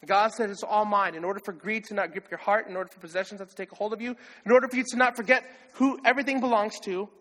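A man preaching a sermon as pastor, animated and acting out the voices of others. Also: high-pitched, rapid-fire, few pauses. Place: church hall. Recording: long hall reverb.

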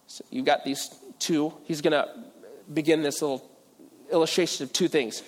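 A man from Virginia preaching a sermon as pastor, animated and self-deprecating, with asides and restarts. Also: fairly high pitch, moderate pace. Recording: long hall reverb.

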